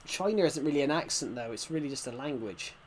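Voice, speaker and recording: A man's voice: medium pitch, lively intonation, fast talker, slight background noise. A man casually chatting to viewers while streaming a game, rambling and restarting sentences as he reacts to the chat. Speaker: game livestreamer.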